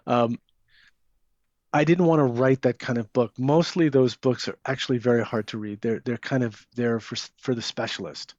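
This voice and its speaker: A man's voice: mid-range voice, darkish tone, no room sound. A man, an author giving an interview, talking casually and hesitantly with many fillers and restarts. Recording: dull lo-fi sound.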